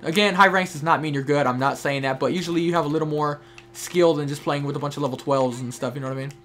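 A man's voice: fairly high pitch, steady tone, quick pace, fairly bright tone, a little hiss or hum. A young man giving casual, chatty commentary while playing a shooter game, talking to teammates and viewers. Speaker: gameplay streamer. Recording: faint game gunfire behind.

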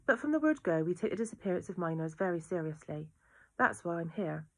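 A patient police inspector in a storybook, measured and reassuring, as a woman reads her lines. She stays steady and pitches a little brighter than the narration.

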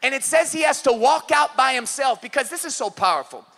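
A male pastor with a Californian accent, preaching an impassioned sermon, often shouting and acting out little scenes. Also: extremely high pitch, lively intonation, a little fast. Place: church service.

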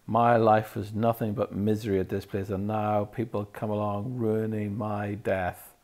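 A man's voice: fairly low pitch, flat delivery, measured pace, darkish tone, pitched above the performer's own voice. A man voicing a weepy, self-pitying teenage girl ghost in a storybook reading, melodramatic and wailing.

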